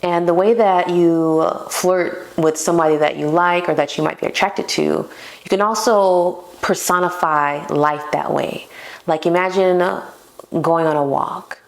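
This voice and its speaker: A woman's voice: fairly low pitch, steady tone, a little slow, gravelly. A young woman hosting a casual solo podcast, talking playfully and poking fun at herself. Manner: playful and self-mocking, laughs at herself. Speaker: podcast host.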